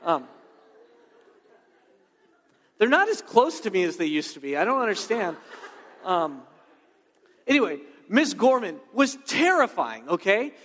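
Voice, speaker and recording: A man preaching a sermon in a conversational, animated way, full of personal stories and checking in with "right?". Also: sits high, normal speed, a little hiss or hum. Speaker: pastor. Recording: long reverb of a large hall.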